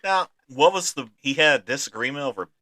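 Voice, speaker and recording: Wisecracking middle-aged man, bright and dry. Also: mid-range voice, lively intonation, a little fast, no echo. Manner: wisecracking, profane banter. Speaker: podcast co-host. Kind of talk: casual movie-review chat.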